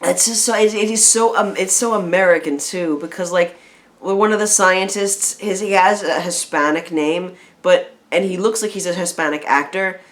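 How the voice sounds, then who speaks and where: A woman's voice: fairly low pitch, normal speed. Ranting woman reviewing a film. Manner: rambling, animated rants with restarts. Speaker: video reviewer. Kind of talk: casual chat reviewing a film. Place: home room with a film playing on the TV.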